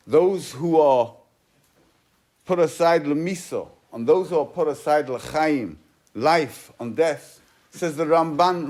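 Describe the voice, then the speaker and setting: A man giving a Torah class as a rabbi, telling a story in an emphatic way and mixing Hebrew and Yiddish terms into his English. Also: fairly high pitch. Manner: emphatic, swings between loud and soft. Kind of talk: sermon.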